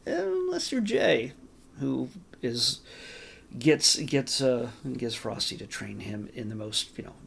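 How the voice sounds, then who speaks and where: Man, casual film review, gravelly low voice, rambling with fillers and caveats. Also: sing-song, slow, a bit bright. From California. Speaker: movie reviewer, channel host.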